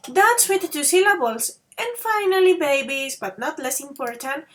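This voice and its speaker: A woman English teacher with a high voice leads an online grammar class. She talks slowly and carefully, addressing her students as dears and babies. She slips into now and then to make a rule clear. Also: pushed and bright. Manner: slow and patient, calls students babies and dears; switches between English and Spanish to explain.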